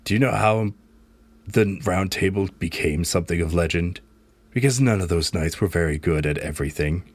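A man's voice: sits low, moderate pace, dry recording. A man playing Merlin, a kindly talking book. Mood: gentle. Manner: gentle, rambling and reassuring. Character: Merlin as an old talking book, wise and kind.

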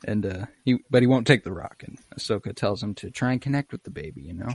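A man's voice: lowish voice, quick pace, gravelly, a little mellow, breathy edge, no echo. A young man casually retelling an episode in a podcast chat, acting out lines in exaggerated voices and swearing freely. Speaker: podcast co-host recapping an episode.

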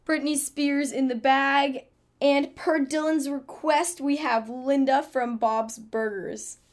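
A woman's voice: high-pitched, fairly even intonation, slow pace. A woman hosting a casual chat, chatty as she introduces each impression. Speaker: host.

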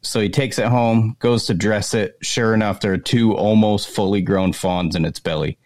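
A man from Maine telling lively, profanity-laced stories in casual chat. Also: on the low side, moderate pace, no echo, studio quality. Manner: animated storyteller, swears freely, laughs often.

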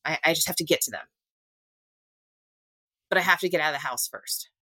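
A woman telling her own story in an interview, earnest and halting, often restarting and acting out what was said. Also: low voice, pushed and bright, no echo. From Louisiana. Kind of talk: personal storytelling in a podcast interview.

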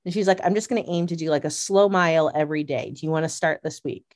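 Chatty woman telling a lively story. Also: low voice, quick pace. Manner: animated storyteller, laughs often, many likes. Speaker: podcast co-host. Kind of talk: casual fan chat.

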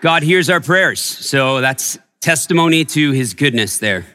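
Slow-speaking pastor, echoing hall. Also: male voice, on the high side, lively intonation, clear, resonant tone, a faint crowd. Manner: storytelling, softening to a hush in tender moments. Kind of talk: sermon. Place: church sanctuary.

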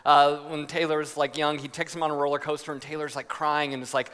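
Guy with a high bright gravelly voice giving a sermon, big reverby hall. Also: quick pace. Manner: storytelling with animated voices and laughter.

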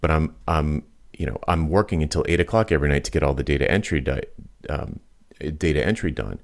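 A worn-out turtle who runs a business pleads for help in a very deep, harried voice. A man reads the part aloud while retelling a comic strip. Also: brisk, creaky.

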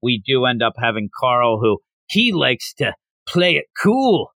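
A man from the United States in casual chat, animatedly recapping a story and slipping into quick character voices. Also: medium pitch, big pitch swings, vocal fry, fairly bright tone, dry recording, clean studio sound. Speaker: podcast co-host.

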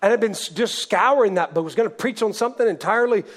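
High-voiced earnest man preaching. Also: animated, fast talker. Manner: earnest, swings from hushed to shouted. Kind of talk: sermon testimony storytelling.

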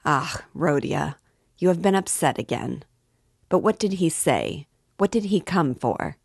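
A woman voicing a hearty, excitable young man in an audiobook reading, speaking eagerly and with emphasis. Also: deep voice, measured pace, vocal fry, husky, no echo, clean studio sound, heavily acted. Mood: earnest.

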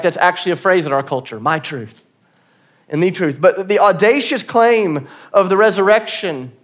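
A man giving a church sermon in a conversational, earnest way, sometimes laughing at himself. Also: high voice. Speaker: pastor. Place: church auditorium.

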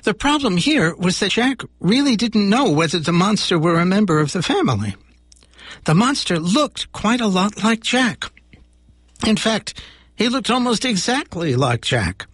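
A man's voice: sits high, very animated, moderate pace, a bit bright, breathy edge, no echo, clean studio sound. A man hosting a radio show, reading a children's story aloud with voiced characters. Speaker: radio host.

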